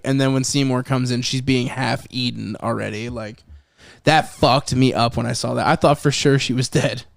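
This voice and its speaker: A man hosting a film podcast in casual chat, animated, swearing freely and acting out scenes from the movie. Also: mid-range voice, vocal fry, no room sound, clean studio sound.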